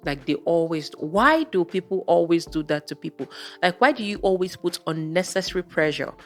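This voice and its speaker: Woman vlogger, low voice, chatty and exasperated, faint music underneath. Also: lively intonation, brisk. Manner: chatty, exasperated, rhetorical questions. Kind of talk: casual storytelling monologue.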